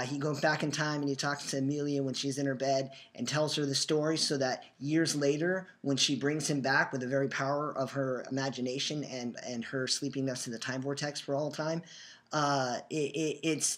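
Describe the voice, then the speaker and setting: A man's voice: medium pitch, fairly bright tone. A young man hosting a fan show, talking earnestly in a rambling way and restarting his sentences often. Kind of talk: casual fan commentary. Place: new home, just moved in.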